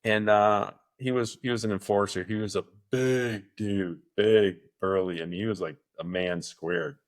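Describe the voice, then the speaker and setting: His pitch is fairly low and his intonation fairly even, and he goes a little slowly. The middle-aged man co-hosts a laid-back podcast, spinning rambling tales and voicing the people in them.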